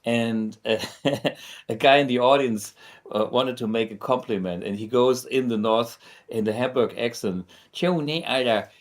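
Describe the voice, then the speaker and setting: A German man hosts his guitar show, chatting to camera in English. He speaks slowly and easily, with plenty of ums and restarts, in a fairly low voice. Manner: relaxed, chatty, many fillers and restarts. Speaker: host. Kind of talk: casual talk to camera.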